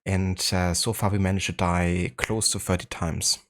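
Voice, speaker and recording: A German-accented man hosting a live game stream, his voice sitting very low and deep. He talks in a relaxed, easygoing way, greeting viewers and thinking aloud with plenty of small fillers. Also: moderate pace. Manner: laid-back, chatty, greets viewers, frequent fillers. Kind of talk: casual live-stream chat.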